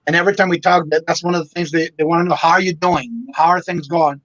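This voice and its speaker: A man's voice: on the high side, steady tone, quick pace, fairly bright tone, dry recording, lo-fi sound. A man from Louisiana chatting casually on a livestream in an easygoing, rambling way. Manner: easygoing, rambling, repeats words as he talks. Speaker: reseller and show host.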